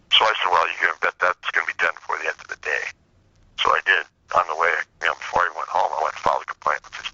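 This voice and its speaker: A man as an interview guest, telling a sarcastic, animated story in a remote interview. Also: low-pitched, no room sound, muffled recording. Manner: animated, sarcastic storyteller acting out courtroom exchanges.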